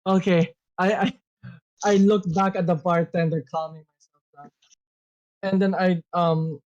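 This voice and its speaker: A player in a tabletop role-playing session who talks in a halting, self-correcting way while describing their character's actions. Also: medium pitch, level tone, darkish tone, muffled recording.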